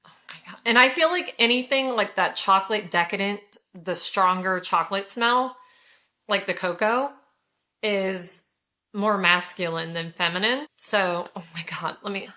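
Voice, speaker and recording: Speaking at normal speed, a Californian haul vlogger in her forties gushes over scented products as she chats with her viewers. Her middle-pitched voice comes across bright and forward, and her manner is effusive and conversational.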